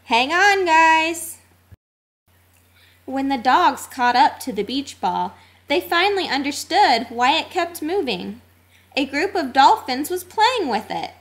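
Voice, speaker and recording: A woman reading a children's storybook aloud, expressive and sing-song. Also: sits high, a little slow. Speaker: narrator.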